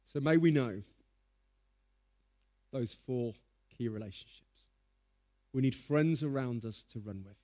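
A man preaching a sermon, telling stories in a lively, humorous way. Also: mid-range voice, slow pace, long pauses.

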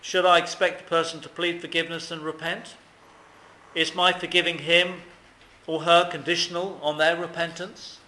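A man's voice: a little high, flat delivery, normal speed, pushed and bright, echoey room, rough recording. A man preaching a sermon, earnest and emphatic, often asking questions of his listeners.

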